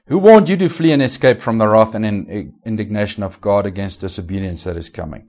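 Man preaching with loud and quiet swings. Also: on the low side, brisk, few pauses. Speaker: pastor. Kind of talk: sermon.

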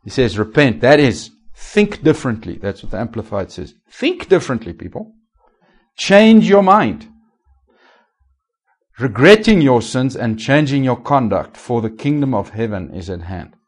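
Male pastor, mid-pitched voice, preaching with sharp loud-soft swings and rhetorical questions. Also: sing-song, moderate pace, few pauses, slightly rough. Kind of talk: sermon.

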